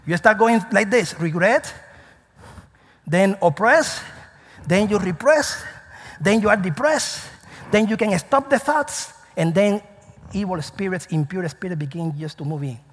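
Husky high-voiced preacher in a reverberant hall. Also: male voice, animated, unhurried, fairly bright tone. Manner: call-and-response questions to the congregation. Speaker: pastor. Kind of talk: sermon.

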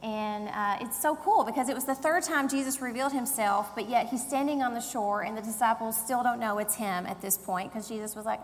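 A woman's voice: on the high side, moderate pace. A woman preaching a conversational sermon in a church, telling the story with acted-out voices. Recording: long hall reverb, faint hum.

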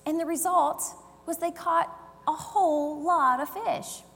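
A woman's voice: very high voice, steady tone, measured pace, fairly bright tone. A woman preaching a conversational sermon in a church, telling the story with acted-out voices. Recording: long hall reverb, faint hum.

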